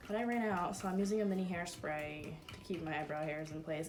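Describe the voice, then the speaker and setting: Young woman vlogger at home, loose, salty, filler-heavy makeup chatter, soft music underneath. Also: on the low side, little pitch movement, a little fast, hardly any pauses. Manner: chatty, crude, fillers of "like" everywhere. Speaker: beauty vlogger. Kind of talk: casual get-ready-with-me chat. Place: room at home.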